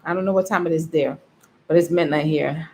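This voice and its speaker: A woman's voice: sits low, steady tone, fairly quick, darkish tone, slight background noise. A tired woman vlogger telling a story in casual chat, emotional and yawning, with frequent laughs. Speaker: vlogger on a live stream.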